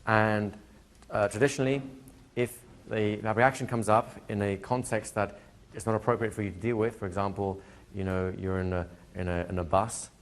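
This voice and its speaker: A man teaching a hypnosis class to a live audience, talking in a relaxed way and slowing into soft hypnotic suggestions. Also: on the low side. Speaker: hypnosis trainer. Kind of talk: live training lecture. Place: training room with a seated audience.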